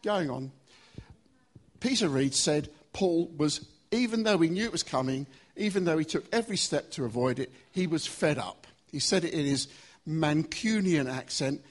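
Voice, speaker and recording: Husky man preaching a sermon. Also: a little high, animated. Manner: emphatic, varied pace with slow stressed phrases.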